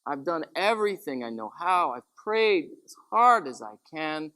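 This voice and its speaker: A man voicing a calm, faithful elderly nun with a gentle, firm humor. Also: a little high, a little slow, heavily acted. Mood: sorrowful.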